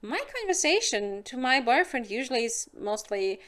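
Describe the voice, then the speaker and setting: A woman's voice: fairly high pitch, sing-song, normal speed, few pauses, a bit bright. A woman from Germany with a German accent, talking frankly and casually to camera as a hypnotist and sex advisor, acting out little scenes in silly voices. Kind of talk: casual direct-to-camera advice.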